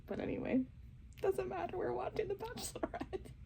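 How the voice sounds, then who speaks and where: A young woman chatting casually and softly at home as she reacts to a TV show, often giggling. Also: very high voice, expressive, normal speed, creaky, a little hiss or hum, low-quality recording. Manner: talking softly and quietly, giggly. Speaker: reaction vlogger. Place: home while family sleeps.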